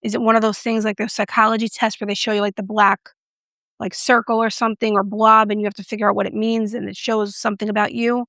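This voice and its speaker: A woman doing a casual makeup review vlog, chatty and playful, with self-mocking asides and soft whispered moments. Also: mid-range voice, little pitch movement, quick pace, no echo, clean studio sound. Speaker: beauty reviewer.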